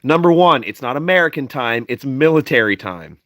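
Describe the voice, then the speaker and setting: A man's voice: medium pitch, animated, a little fast, fairly bright tone, dry recording, clean studio sound. A sleepy young man hosting a casual stream, reading chat in a playful, teasing way.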